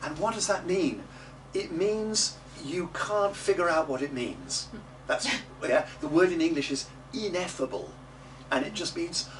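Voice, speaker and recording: A middle-aged early music teacher walks a class through Italian diction, modeling each word slowly so the group can repeat it, with chatty asides and little jokes. His fairly high voice sounds far from the mic. A steady hiss from the noisy room runs beneath it all.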